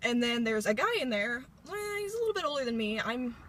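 Teen girl from indiana rambling into her phone in the car, kinda high voice, faint hiss behind. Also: big pitch swings, fairly quick, fairly bright tone. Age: late teens. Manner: rambling, bubbly, lots of filler words. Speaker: vlogger. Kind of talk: casual chatty vlog. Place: inside a parked car. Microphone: phone held at arm's length.

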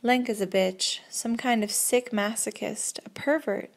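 A woman's voice: a little high, gravelly. A woman voicing a nervous, agitated young man who talks in blunt slang and mutters sourly. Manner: muttering, sour and hurried.

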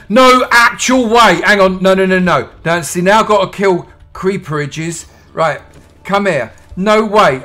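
A man commentating his own Minecraft play, chatty and self-mocking, breaking into excited yelps. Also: fairly high pitch. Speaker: gaming YouTuber.

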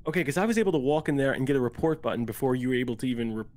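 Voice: medium pitch, rapid-fire, darkish tone. A player in a casual gaming chat, questioning others like an investigator. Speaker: game player.

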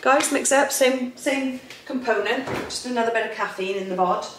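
A woman's voice: on the high side, normal speed. A young woman chatting casually to camera as a vlogger, bubbly with lots of fillers. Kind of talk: casual chat. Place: home, indoors and out walking. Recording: roomy echo, faint noise.

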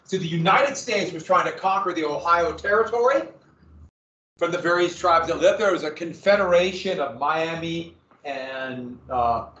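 Man, presenter, jokey and digressive, slightly high voice, distant, lo-fi roomy sound. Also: normal speed, sharp tone. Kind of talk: casual slide presentation to a small group. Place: room with a small audience.

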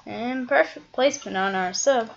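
A woman's voice: on the high side, moderate pace, creaky. A woman giving casual gameplay commentary, chatting and thinking aloud as she plays, often trailing off mid-thought. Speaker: gaming video creator. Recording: dull lo-fi mic.

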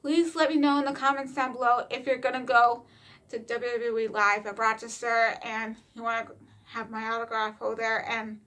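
Woman vlogger, somewhat high pitch, excited casual chat, mild retainer slur. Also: moderate pace. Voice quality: slightly slurred speech from wearing retainers. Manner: chatty and excited.

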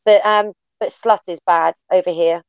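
An English woman talking as an interview guest, blunt and animated, swearing freely as she tells stories. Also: fairly low pitch, normal speed, clean tone, no room sound, highs cut off. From England. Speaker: wrestling guest. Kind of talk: casual interview chat.

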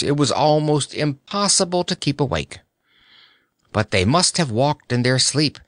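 A man narrating a children's fantasy story at an unhurried pace, his voice rising and falling widely. The recording is close and dry, with no room sound. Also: mid-range voice, dry recording. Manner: expressive, deliberate reading. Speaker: audiobook narrator.

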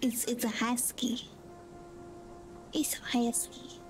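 A woman streamer chatting casually with her viewers while gaming, soft-spoken and giggly. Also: a little high, little pitch movement, takes it slowly, faint music behind.

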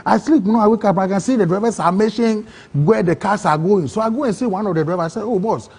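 A man with a Ghanaian English accent, telling his own story in an interview, excitable and acting out other people's words. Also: sits high, quick pace, breathy edge. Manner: excitable, acts out quoted voices, broken phrasing. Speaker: interview guest. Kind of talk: emotional personal storytelling.

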